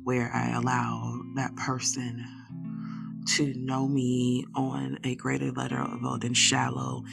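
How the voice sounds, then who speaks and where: A woman with a low, gravelly voice co-hosts a podcast in casual chat. She talks candidly and animatedly. Guitar music plays clearly behind her. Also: monotone, slow. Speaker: podcast co-host.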